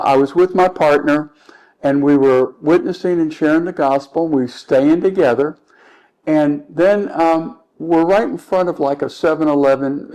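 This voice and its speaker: A middle-aged man, a street evangelist, telling a personal testimony in an earnest, halting way with many restarts. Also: on the high side, a little mellow, rough recording.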